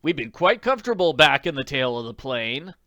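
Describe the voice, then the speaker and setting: A man's voice: mid-range voice, very animated, a little fast, sharp tone, dry recording, dull audio. A man voicing a stern, determined teenage boy detective who gives commands. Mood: calm.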